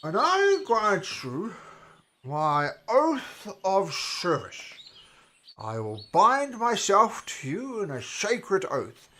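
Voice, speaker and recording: A man's voice: high-pitched, fairly bright tone, exaggerated voice. A man voicing a boastful, tipsy old king who claims to be a god, rambling and stammering grandly.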